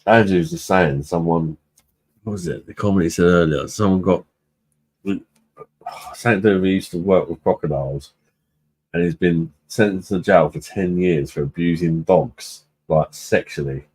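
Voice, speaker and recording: A man hosts a beer review live stream, reading out viewer comments in loose, casual chat. His voice sits very low and sounds rough and husky. He talks bluntly, swears freely and laughs often. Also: moderate pace, darkish tone.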